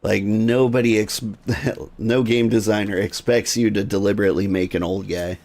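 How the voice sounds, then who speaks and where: A man streaming a game, chatting casually and relaxed with his viewers. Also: lowish voice, moderate pace. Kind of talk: casual gaming stream chat.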